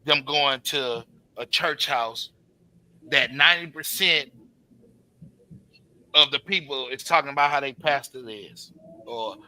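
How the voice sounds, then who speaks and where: Bright-voiced podcast host. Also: male voice, mid-range voice, a little slow, pauses often, poor audio. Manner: encouraging, street slang. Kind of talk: casual podcast chat.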